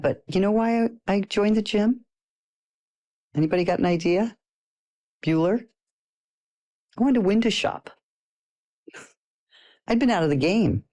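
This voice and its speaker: A middle-aged woman teaching a personal development course, talking in a playful, animated way and laughing often. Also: a bass voice. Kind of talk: casual spoken lesson to listeners.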